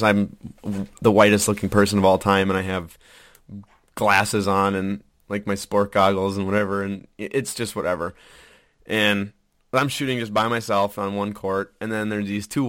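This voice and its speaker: A man telling stories in casual chat, profane and animated, often laughing. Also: lowish voice, no echo, studio quality. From Wisconsin.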